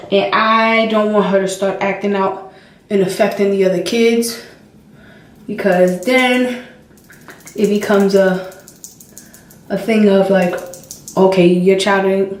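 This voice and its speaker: A young woman vlogger chatting casually while she does her makeup, telling stories with animated expression and acting out her toddler's voice. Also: medium pitch. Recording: roomy, distant home camera sound.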